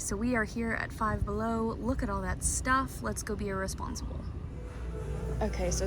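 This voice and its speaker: A young woman from Georgia in the US who has no Southern accent, chatting casually and rambling as she vlogs her day, often correcting herself. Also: mid-range voice. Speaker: vlogger. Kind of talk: casual vlog chat. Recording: loud traffic and road noise behind.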